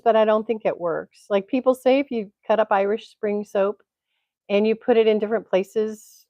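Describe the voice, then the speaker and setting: A woman's voice: mid-range voice, a little mellow, no echo. Chatty woman on a dull, dry mic. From Tennessee, USA. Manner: chatty, rambling, laughs often. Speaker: livestream host. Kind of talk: casual chat. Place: home, indoors. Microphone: computer mic.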